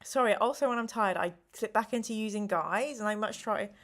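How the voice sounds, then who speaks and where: A middle-aged woman hosting a live stream, chatting casually and a little slowly because she is tired, with rambling asides and apologies. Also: mid-range voice. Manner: slow, rambling, chatty with frequent ums and apologies. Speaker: live stream host running a gamebook play.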